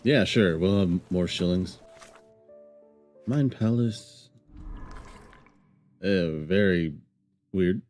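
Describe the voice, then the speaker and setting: A man's voice: low-pitched, extremely slow, pauses often, a little mellow, soft background music. A man streaming a game, joking and rambling casually while reading game text aloud. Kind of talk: casual let's-play commentary.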